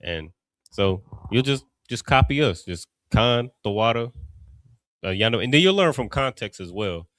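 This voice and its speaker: A man's voice: mid-range voice, sing-song, moderate pace, fairly bright tone, no echo. A man from Cincinnati with an Ohio accent, teaching a class in a loose, conversational way with many asides. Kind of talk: casual teaching talk.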